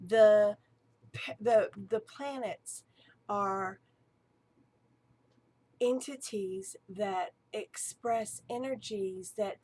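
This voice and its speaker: A woman, an archpriestess and ritual director, giving an eager, chatty teaching talk. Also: medium pitch.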